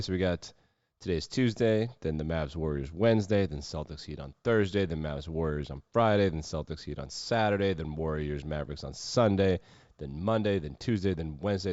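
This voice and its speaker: A man's voice: sits low, a little mellow, dry recording, dull audio. A man hosting a sports podcast alone, riffing casually and wryly on the latest games and reading out statements with mocking asides. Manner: loose, wry, riffing with mock quotes. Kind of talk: casual solo sports commentary.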